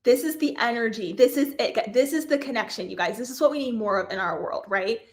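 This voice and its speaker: Bubbly, higher-voiced woman craft host. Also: a little fast. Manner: bubbly, chatty, laughs often, apologizes over names. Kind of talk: live-stream giveaway chat.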